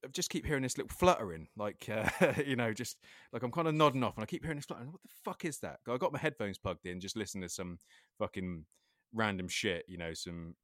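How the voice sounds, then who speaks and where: A man's voice: fairly low pitch, expressive, fast talker, a bit bright. A man tells a story in a loose, casual podcast chat. He laughs often and swears in nearly every line. The recording is dry, with no room echo. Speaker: podcast co-host.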